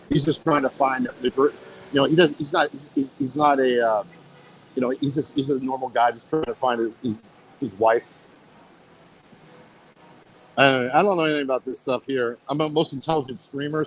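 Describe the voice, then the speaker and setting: A man's voice: mid-range voice, slight background noise, low-quality recording. Rambling, mocking male streamer. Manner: repetitive, mocking, swearing. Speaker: live streamer. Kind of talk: rambling live-stream chat. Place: outdoor city street.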